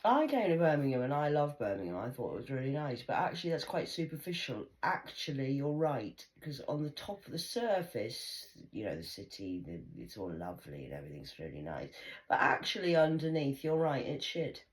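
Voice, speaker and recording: A woman's voice: a bass voice, big pitch swings, brisk. A woman vlogger talking in a blunt, rambling monologue full of swearing while she smokes.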